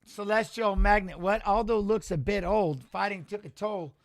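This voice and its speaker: A man hosting a live watch-along stream, chatting casually, reacting with excitement and answering viewers in the chat. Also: high voice, normal speed, gravelly.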